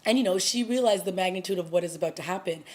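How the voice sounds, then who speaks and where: A woman vlogger casually recapping a TV episode, chatty and animated, acting out the characters' lines as she goes. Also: fairly low pitch, rapid-fire. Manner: chatty, animated retelling with acted-out quotes. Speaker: TV review vlogger.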